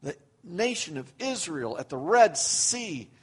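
Older male pastor, high and animated. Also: unhurried, few pauses. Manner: animated, acts out quotes with rising emphasis. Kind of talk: sermon.

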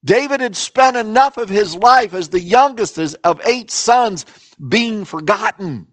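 Earnest high-voiced male preacher. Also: animated, dry recording. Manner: earnest and emphatic, with slow dramatic pauses. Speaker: pastor. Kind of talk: sermon.

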